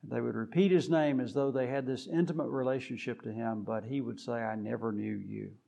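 A man delivers a sermon in a gravelly, creaky voice of middling pitch. He speaks deliberately, pausing often to gather his words, then lifts his voice with force on the key points. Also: warm tone. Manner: deliberate, with frequent "uh" pauses. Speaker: preacher.

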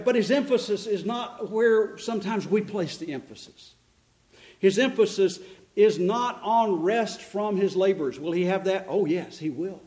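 A man's voice: high-pitched, a little mellow. A middle-aged male pastor preaching a sermon, telling stories and asking and answering his own questions.

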